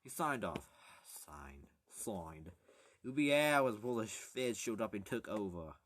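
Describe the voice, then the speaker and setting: Reading an audiobook as an amateur, a man stumbles along in a casual, rambling way, halting to fix his mistakes and tossing in crude jokes. His voice is on the low side, animated and a bit bright, with slight background noise.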